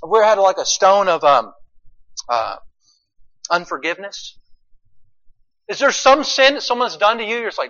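A man preaching a sermon, swinging from quiet asides to loud, emphatic lines and asking his listeners rhetorical questions. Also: high-pitched, animated, normal speed, long pauses, lo-fi sound. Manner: asks the congregation rhetorical questions.

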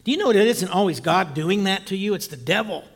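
A man preaching, telling a personal story in a lively, animated way with loud bursts and quiet asides. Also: sits high, fast talker. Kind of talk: storytelling sermon.

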